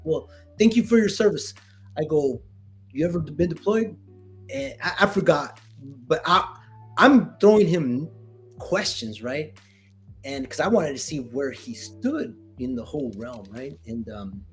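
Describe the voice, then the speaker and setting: A middle-aged retired Marine veteran with a medium-pitched voice tells a story in casual conversation. He's animated, acts out the dialogue, and restarts often.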